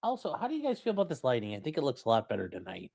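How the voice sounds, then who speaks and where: A man's voice: mid-range voice, wildly swooping pitch, very fast, creaky, a little mellow. A young man hosting a casual call-in livestream from a room at home, rambling and joking while reading chat aloud. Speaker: call-in show host.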